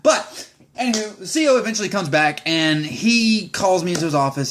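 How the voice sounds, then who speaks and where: A man's voice: sits high, animated, fairly quick, a bit bright, slight background noise. A young man, a Marine sergeant, ranting in a vlog with exasperated, profane, rambling talk.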